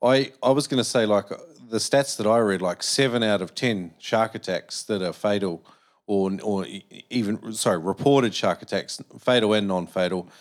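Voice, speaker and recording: A male podcast host in casual conversation, relaxed, with many fillers. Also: fairly low pitch, normal speed. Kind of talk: casual chat.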